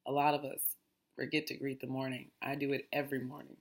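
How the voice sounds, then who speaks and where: A woman's voice: rumbling low, little pitch movement, fast. A woman hosting a casual mindfulness talk, reading aloud in a chatty, digressive way and often restarting her lines. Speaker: host.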